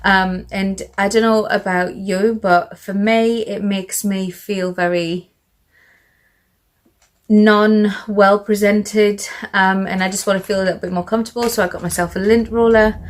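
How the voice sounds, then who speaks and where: A British vlogger chats through a casual show-and-tell video in a medium-pitched, steady voice, speaking a little slowly. She sounds slightly out of breath and rambles, filling her talk with fillers and asides.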